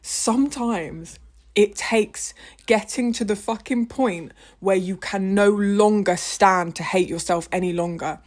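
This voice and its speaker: A young woman gives a heated, emphatic personal monologue, swearing freely as she talks. Her voice sits at an ordinary middle pitch but swings often from loud and high to quiet and low. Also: measured pace. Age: 20s. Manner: impassioned, with big swings in pitch and loudness. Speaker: vlogger.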